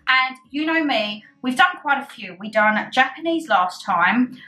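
A woman's voice: sits high, lively intonation, a little slow, sharp tone. A woman vlogging casually to camera over dinner, chatty and self-mocking, talking with her mouth full. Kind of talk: casual chat to camera while eating.

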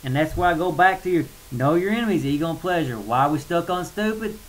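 A man's voice: a little high, animated, fast, poor audio. A man ranting in a blunt, colloquial way in a casual video monologue, getting worked up and then apologizing. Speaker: spiritual vlogger. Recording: faint hiss.

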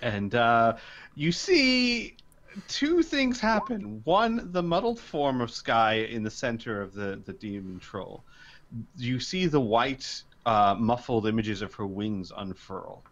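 A man's voice: mid-range voice, big pitch swings, slow, a bit bright, highs cut off. A man narrating a tabletop role-playing game as game master.

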